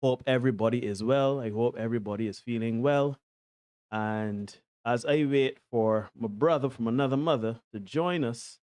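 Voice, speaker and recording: A man hosting a podcast in casual live-stream chat, energetic and full of repeated greetings and shout-outs. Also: medium pitch, normal speed, smooth, no room sound. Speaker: podcast host.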